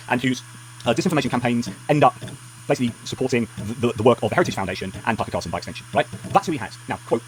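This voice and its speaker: A man's voice: mid-range voice, a little hiss or hum. A man giving heated political commentary, angry and emphatic, ranting with many restarts.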